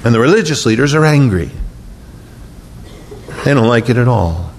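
A middle-aged man preaching in a church, his voice carrying a long reverb through the hall over a faint rumble. He swings from raised, emphatic lines to low, hushed tenderness, at a mid pitch for a man. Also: big pitch swings, moderate pace. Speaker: pastor. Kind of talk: sermon.

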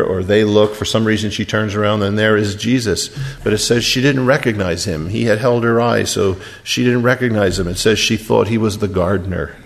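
A man preaching a sermon and retelling a scripture story, dropping to a hush and then rising to emphatic peaks. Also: lowish voice, creaky. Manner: storytelling, wide swings from hushed to emphatic.

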